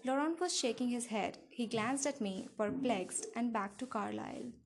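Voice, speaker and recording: A woman reading a novel aloud with steady, even narration. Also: on the high side, normal speed, noisy background. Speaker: audiobook narrator. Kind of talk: scripted narration.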